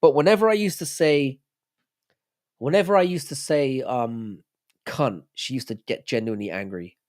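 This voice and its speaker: A man's voice: mid-range voice, moderate pace, darkish tone. A man hosting a livestream, rambling, swearing and joking with his chat. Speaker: livestream host.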